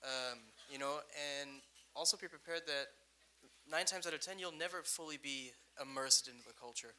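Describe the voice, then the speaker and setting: A young man with a very bright, slightly high voice tells a loose story on a panel, leaning on fillers and laughing at himself. There is a faint hum of room noise behind him. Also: moderate pace, rough recording. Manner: rambling, many fillers, laughs at his own stories. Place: event room.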